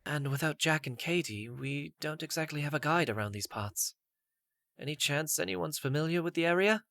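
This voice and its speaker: A woman's voice: low-pitched, moderate pace, a bit bright. A woman voicing a blunt young male mage healer in an audiobook, speaking in a matter-of-fact way. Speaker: voice actor. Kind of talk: audiobook character voice.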